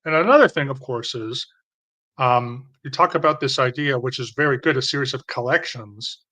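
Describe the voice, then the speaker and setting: A Canadian man hosts a live stream and lectures off the cuff. His voice is bright and sits at a middling pitch. He rambles through his points with plenty of fillers and restarts. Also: normal speed.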